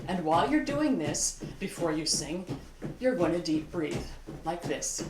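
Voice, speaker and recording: An older woman, a vocal coach, giving a calm, encouraging singing lesson on video and talking through an exercise as she moves. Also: lowish voice, measured pace, background noise. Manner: calm, encouraging, demonstrates while moving. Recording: echoey room.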